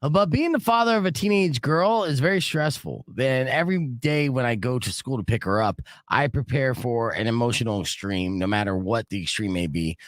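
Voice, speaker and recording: A middle-aged man from Arizona hosting a radio show, telling a long story in a casual, animated way and acting out what people said. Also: medium pitch, dry recording, studio quality. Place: radio studio.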